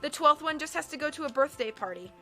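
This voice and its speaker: A woman's voice: sits high, lively intonation, fast, bright, forceful tone, soft background music, heavily acted. A woman reading aloud and voicing a vain, bossy rich woman obsessed with what is fashionable, in a haughty, dismissive way. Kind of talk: audiobook character voice.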